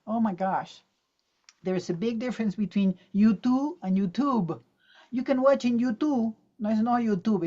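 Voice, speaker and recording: Lively woman teaching pronunciation, lo-fi call. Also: medium pitch. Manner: lively, demonstrative, drills words aloud and quizzes the audience. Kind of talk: online teaching talk. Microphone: video call.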